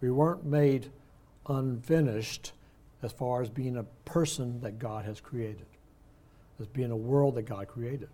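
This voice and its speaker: Teaching a Bible study class, an older man with a mellow, mid-range voice explains what words mean in a conversational way. He slows his speech to put weight on key words.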